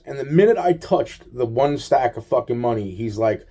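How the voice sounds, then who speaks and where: Man for a rambling, aggrieved monologue, mellow low timbre, heavy swearing, repeats himself. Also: expressive, normal speed, few pauses. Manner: profane, repetitive, aggrieved storytelling.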